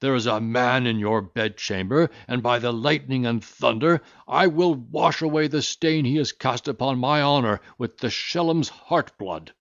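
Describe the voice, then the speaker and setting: A man's voice: medium pitch, a little slow, few pauses, fairly bright tone, no room sound, lo-fi sound, pitched above the performer's own voice. A man reading aloud, voicing an enraged German jeweller father with a thundering German accent. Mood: furious. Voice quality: thundering, menacing.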